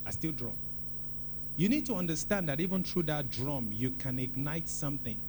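A man preaching a sermon in a church, talking in an animated, conversational way and repeating phrases for emphasis. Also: on the high side, normal speed, background noise. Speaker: pastor.

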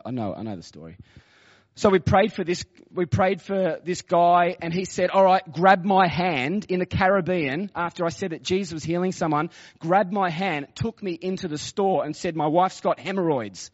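A man, a senior pastor telling stories in a sermon and quoting himself and others in a chatty way. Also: a little high. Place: church auditorium. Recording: dull reverberant church hall recording.

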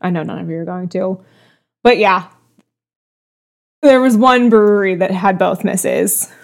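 A woman's voice: mid-range voice, unhurried, vocal fry. A woman co-hosting a podcast in casual chat, blunt and playful, swearing freely, with a congested voice. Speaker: podcast co-host.

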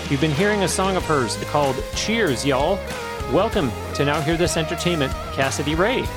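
A male interview host with a slightly high voice introduces his guest in a polished, announcer-like way. Guitar music plays clearly behind him. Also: expressive, moderate pace. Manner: polished, friendly announcer-like delivery. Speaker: podcast host. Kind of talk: interview hosting.

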